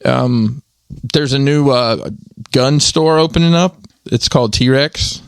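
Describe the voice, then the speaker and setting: A man's voice: medium pitch, slow, creaky, smooth, no room sound, clean studio sound. A man hosting a podcast in casual chat, telling stories in a rambling way with many restarts and chuckles. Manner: rambling storyteller with restarts and laughs. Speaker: podcast host.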